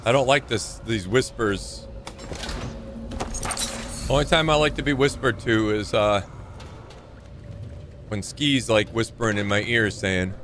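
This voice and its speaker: A man's voice: lowish voice, measured pace, long pauses, fairly bright tone, a little hiss or hum. A man casually commenting while he plays a video game live, rambling and reading in-game notes aloud. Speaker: streamer.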